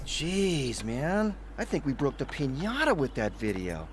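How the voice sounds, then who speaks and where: A laid-back young skater in a game cutscene, chatty and relaxed with a voice that leaps all over. A faint hiss lies underneath. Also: male voice, fairly high pitch, unhurried. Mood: amused. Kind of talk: video game cutscene acting.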